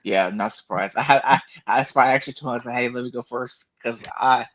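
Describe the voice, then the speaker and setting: A man's voice: medium pitch, fast, fairly bright tone. A man on a sports chat panel who repeats words and lets his sentences trail off. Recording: dull lo-fi sound.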